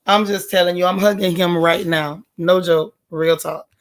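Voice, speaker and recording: A woman's voice: lowish voice, normal speed. A woman hosting a casual livestream, chatty and folksy, greeting each viewer by name with pet nicknames. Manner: folksy, relaxed slang. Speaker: livestream host. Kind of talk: casual live-chat stream.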